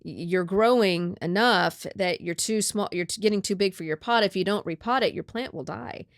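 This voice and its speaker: A woman podcast host in a casual chat, retelling a story with lively acted-out dialogue. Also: medium pitch, moderate pace, no room sound, clean studio sound.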